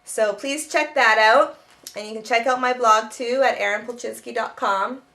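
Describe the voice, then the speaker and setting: Woman, self-help teacher, slightly high voice, earnest and explanatory, frequent restarts. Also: fairly even intonation, moderate pace, pushed and bright. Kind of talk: spoken self-help advice.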